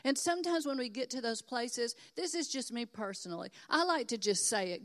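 A woman's voice: on the high side, lively intonation, brisk, hardly any pauses. An older woman from Texas preaching a sermon in an earnest, encouraging and emphatic way. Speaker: pastor.

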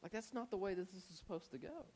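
A brash young disciple, fiercely protective and blunt, his talk slangy and urgent. He sits on the higher side of a man's range, as a preacher puts him on. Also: animated, fast, a little mellow, slight background noise. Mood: hushed urgent.

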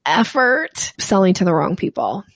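Animated woman sales coach, gravelly edge. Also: medium pitch, normal speed, dry recording. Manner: animated, acts out quoted voices. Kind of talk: podcast interview answers.

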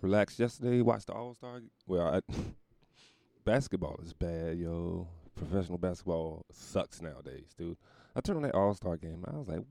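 A man's voice: low-pitched, lively intonation, normal speed, gravelly, warm tone, no room sound. A young adult man hosting a podcast, riffing profanely and laughing often. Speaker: podcast host. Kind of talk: casual comedic monologue.

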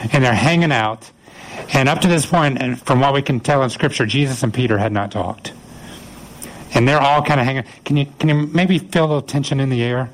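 A man's voice: mid-range voice, low-quality recording. A man preaching a sermon in a conversational way, acting out the lines of the people in the story. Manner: conversational, acts out voices of biblical figures. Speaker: pastor.

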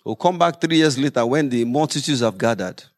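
A man preaching a sermon as pastor, lively with humorous asides. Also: mid-range voice, a little fast.

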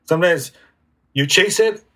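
A man speaking as an interview guest, reflective and halting, with frequent restarts. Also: high-pitched, pushed and bright. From United States. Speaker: guest healer. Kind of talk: casual conversational interview.

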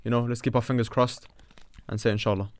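Joking man as podcast co-host, mid-pitched voice, casual slangy delivery. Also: flat delivery, fast.

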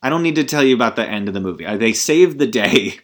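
Quick-paced and lively in intonation, this mid-range male podcast host vents about a movie in a casual review. He rambles, sounds fed up, curses, and keeps restarting and veering into asides.

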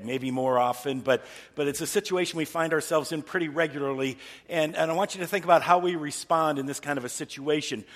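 A man preaching a conversational sermon as pastor, putting rhetorical questions to the congregation. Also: a little high. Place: church service. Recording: long reverb of a large hall.

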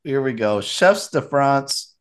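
A man hosting a casual podcast chat, upbeat and opinionated, with quick asides. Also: mid-range voice, expressive. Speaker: podcast host.

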